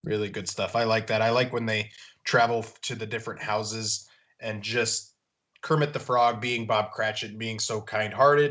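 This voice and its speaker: A man's voice: lowish voice, sharp tone. A man co-hosting a podcast, earnestly recounting favorite film scenes in a casual chat. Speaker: podcast co-host.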